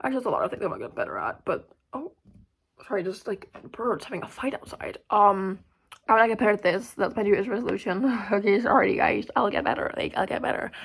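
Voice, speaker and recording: Young woman vlogger, casual and rambling, vocal fry, drops from loud outbursts to mumbles. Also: medium pitch, very animated, fast talker. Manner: rambling, filler-heavy, swearing; swings between loud outbursts and mumbled asides. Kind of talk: casual chat to camera.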